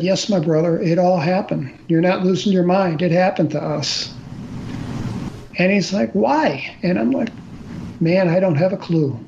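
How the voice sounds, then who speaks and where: A high-sitting, a little mellow voice belongs to an older man telling a personal story as a guest in conversation. Plain and earnest, he often restarts and uses fillers; the audio is slightly dull and faintly noisy.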